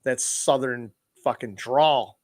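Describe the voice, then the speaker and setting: A man co-hosting a podcast, talking casually with animated, profane bursts of emphasis. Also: mid-range voice, slow pace. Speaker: podcast co-host.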